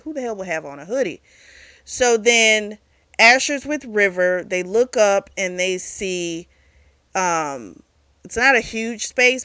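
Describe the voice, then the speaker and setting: A woman hosting a book club, casually recapping a novel's plot, animated and swearing freely. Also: medium pitch, clean tone, no echo.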